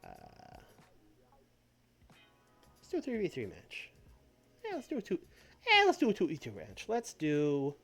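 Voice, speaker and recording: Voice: medium pitch, wildly swooping pitch, unhurried, long pauses, fairly bright tone, slightly rough. A streamer thinking aloud while playing a wrestling booking game, laughing often and changing plans mid-sentence. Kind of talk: casual live-stream chat. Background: faint background music.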